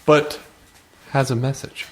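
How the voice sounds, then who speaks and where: A man's voice: medium pitch, little pitch movement, unhurried, slight background noise. A man co-hosting a podcast, chatting casually and joking, often laughing and mimicking voices. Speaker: podcast co-host. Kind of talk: casual chat.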